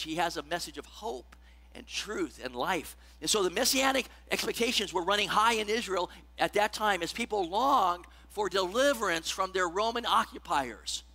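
A pastor preaches with a high, bright and forceful voice, keeping the sermon conversational. He checks in with the congregation often, and his scripture reading climbs in emphasis.

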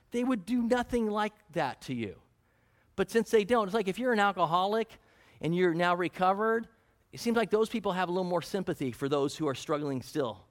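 Pastor, man, high pitch, earnest sermon delivery full of scripture quotes. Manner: earnest preaching, quoting scripture, asking the congregation questions.

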